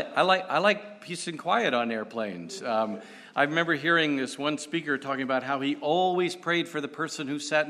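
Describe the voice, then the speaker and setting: A man preaching as a guest speaker in a church, telling stories with humor about himself and pausing often on fillers. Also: medium pitch, pushed and bright, long reverb tail. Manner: self-deprecating, storytelling, halting with fillers. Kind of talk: sermon.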